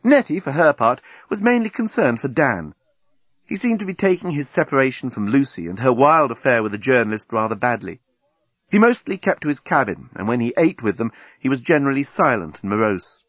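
A male audiobook narrator with a lively, swooping delivery and a slightly husky voice. He tells the story wryly, and the recording is dry and muffled. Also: medium pitch, a little fast, no echo.

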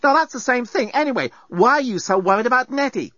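A man reading a storybook aloud, voicing a sharp-tongued young woman who speaks in an indignant, snappy way. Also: very high-pitched, lively intonation, fast talker, no room sound, voice pushed up, heavily acted. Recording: dull lo-fi dry recording.

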